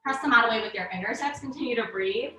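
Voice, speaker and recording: A woman teaching a live online yoga class, cueing breaths and poses in a calm, paced way while out of breath. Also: on the high side, fast, faint music behind. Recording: echoey room from far off.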